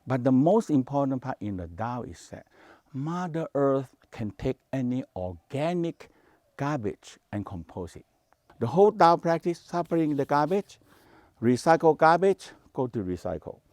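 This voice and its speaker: Animated man teaching in broken English. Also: medium pitch, normal speed, no room sound, clean studio sound. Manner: animated, non-native English grammar in short repeated phrases. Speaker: Taoist meditation teacher. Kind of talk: spoken teaching to a workshop.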